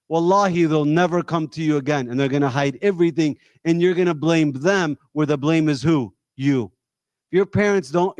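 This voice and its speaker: Exhorting man, higher voice, dry sound. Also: a little mellow, dry recording. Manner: direct, exhorting, rhetorical questions. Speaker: discussion leader. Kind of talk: community talk to a live audience.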